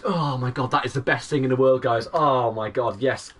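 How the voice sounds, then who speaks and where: A man in his twenties streaming a game live, excitable and chatty, greeting viewers by name. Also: mid-range voice, normal speed, distant mic. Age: 20s. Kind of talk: live gaming stream commentary.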